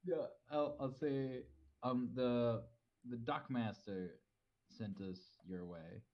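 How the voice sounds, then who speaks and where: A man playing a tabletop game, speaking hesitantly and haltingly. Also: mid-range voice. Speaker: player. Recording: dull, muffled mic.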